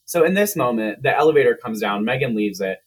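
A man's voice: mid-range voice, lively intonation, fast, breathy edge. A man co-hosting a podcast, retelling a film plot in a chatty, profane way with lots of "like". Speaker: podcast co-host. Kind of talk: casual movie recap.

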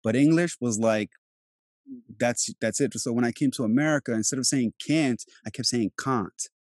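A man's voice: mid-range voice, fairly quick, darkish tone, no room sound, studio quality. A man raised in Europe, an actor, talking in a loose, rambling casual conversation with many restarts. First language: Turkish. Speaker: actor and host.

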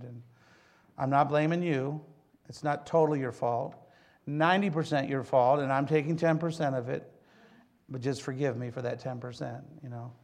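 A man's voice: mid-range voice, steady tone, moderate pace, gravelly, darkish tone. A middle-aged man preaching a sermon, a joking, folksy storyteller who talks straight to his congregation. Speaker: pastor.

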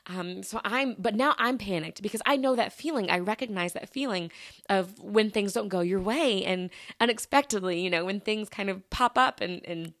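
A woman in her thirties talks through a personal story for her podcast, chatty and casual, often stopping to restart a thought. Her voice sits at an ordinary middle pitch for a woman. The recording is dry and close, with no room sound. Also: normal speed, fairly bright tone, no room sound. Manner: chatty, with many fillers and restarts. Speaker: podcast host.

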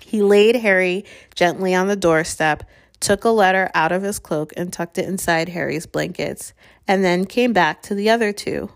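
A woman narrating a chapter of a storybook in a measured, steady way. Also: lowish voice, vocal fry. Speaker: audiobook reader.

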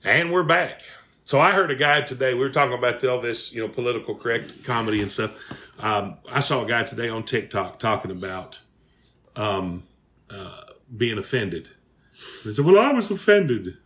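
A man's voice: medium pitch, steady tone, normal speed, bright, forceful tone. A male podcast host, telling stories in a folksy, drawling way and reading sponsor ads. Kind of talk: casual chat with ad reads.

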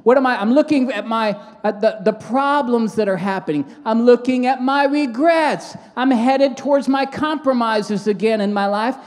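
A man preaching as a pastor, moving between fervent prayer and lively storytelling in a church. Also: very high-pitched, moderate pace, few pauses, long reverb tail. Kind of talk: sermon with prayer.

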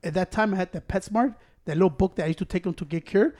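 High-voiced man telling a profane story. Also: fast. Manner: profane, animated, acts out quotes. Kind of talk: casual storytelling among friends.

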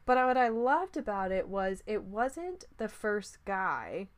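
A woman's voice: mid-range voice, big pitch swings, takes it slowly. A woman in casual chat about a movie, chatty and loose, with lots of fillers and restarts.

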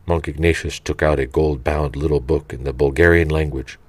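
Male reader, very deep and dry, slow and reverent, for devotional audiobook narration. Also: steady tone, slightly rough, no room sound. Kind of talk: reading a saint's life aloud.

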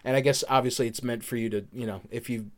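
A man's voice: mid-range voice, steady tone. A man co-hosting a podcast, chatting casually and rambling through a game's story with lots of fillers. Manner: rambling, many fillers, quotes characters in quick voices. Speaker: podcast co-host. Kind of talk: casual chat recapping a game.

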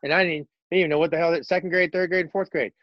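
A man co-hosting a casual sports chat, ranting in an animated, profane way. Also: fairly high pitch, rapid-fire, no echo, dull audio. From Texas. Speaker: podcast co-host.

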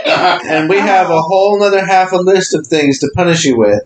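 A man's voice: high-pitched, normal speed, reverberant, slight background noise, rough recording. A man co-hosting a casual talk show, teasing and bossing his partner in a laughing way. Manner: teasing and commanding. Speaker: podcast co-host.

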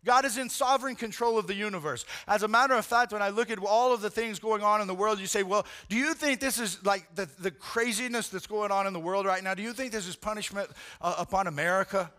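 A man preaching with a high, bright voice that cuts through. He tells the story in animated, casual slang and keeps addressing his listeners as "man.". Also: fast. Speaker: pastor. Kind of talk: sermon.

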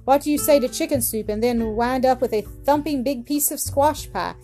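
A woman's voice: high-pitched, moderate pace, warm tone, soft background music. Woman doing an eager young newsboy. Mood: cheerful.

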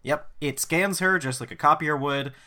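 Bright-voiced wry man co-hosting a podcast. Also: a little high, normal speed. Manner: wry, sardonic, swears freely. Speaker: podcast co-host. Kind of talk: casual episode recap chat.

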